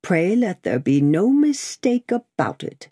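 Woman doing an older male bank clerk, fussy and mild, precise, swooping pitch, audiobook voice. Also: big pitch swings, unhurried, mellow, slightly rough. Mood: polite, firm. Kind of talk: audiobook character voice.

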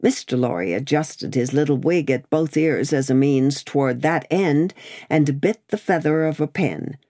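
A woman narrating a classic novel as an audiobook, with expressive, measured storytelling. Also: deep voice.

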